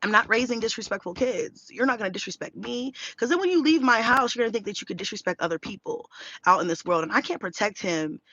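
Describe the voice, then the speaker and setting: A woman in her thirties telling a story in a casual vlog rant, blunt and animated, swearing freely. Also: mid-range voice, fast, no echo, lo-fi sound. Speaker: vlogger.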